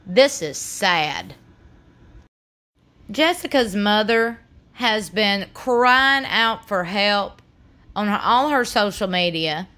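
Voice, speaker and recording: A woman's voice: medium pitch, animated, slow, long pauses, sharp tone. A woman hosting a true crime channel, giving earnest, pleading and indignant commentary. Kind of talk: impassioned commentary.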